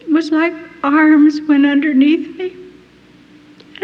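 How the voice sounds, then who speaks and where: A woman giving a personal testimony, telling her story in an earnest, halting and deeply moved way. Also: little pitch movement. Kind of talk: emotional first-person storytelling. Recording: dull lo-fi recording in a reverberant hall.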